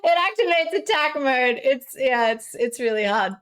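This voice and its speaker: A woman's voice: high voice, lively intonation, moderate pace, fairly bright tone, smooth. A young woman, chatting casually with her live-stream chat, giggly and full of fillers.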